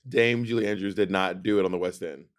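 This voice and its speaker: Male co-host, lowish voice, chatty and opinionated, acts out quotes. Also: steady tone, a little fast. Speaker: podcast co-host. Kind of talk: casual chat.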